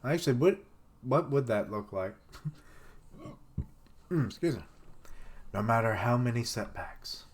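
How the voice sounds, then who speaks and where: A man's voice: mid-range voice, unhurried, pauses often. A man live-streaming his reaction to a manga chapter, reading lines aloud and joking, swearing and laughing at his own jokes.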